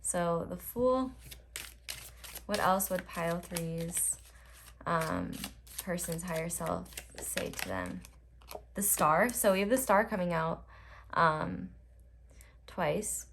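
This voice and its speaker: A young woman talks through a pick-a-card tarot reading in a loose, rambling way, full of filler words. Her voice sits a little low, with a faint hiss and some clicks behind it. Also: big pitch swings, slow pace, gravelly, pauses often, a bit bright. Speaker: tarot reader.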